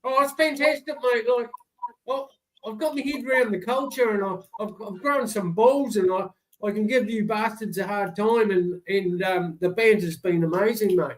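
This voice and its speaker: A man's voice: high voice, normal speed, low-quality recording. A middle-aged man with a New Zealand accent, chatting bluntly and swearing freely on a livestream call. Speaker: co-host. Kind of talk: casual chat.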